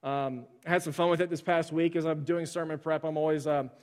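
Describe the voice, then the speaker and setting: A male pastor gives a sermon in a casual, chatty way, often stopping to restart and filling gaps with "um" and "like." His voice sits a little higher than most men's. He tells stories with plenty of animation. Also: brisk. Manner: conversational, with many fillers and restarts; animated storyteller.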